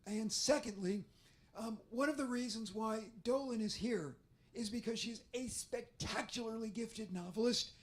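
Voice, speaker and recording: A man speaks with a hoarse, damaged voice that sits unusually high for him. He tells stories in a theatrical, self-deprecating way at a bookstore author event. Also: normal speed. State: hoarse, damaged voice after covid.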